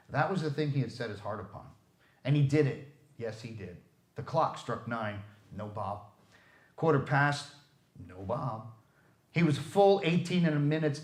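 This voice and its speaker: A man reading a classic story aloud with expressive, theatrical delivery in a library room. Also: medium pitch. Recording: echoey room.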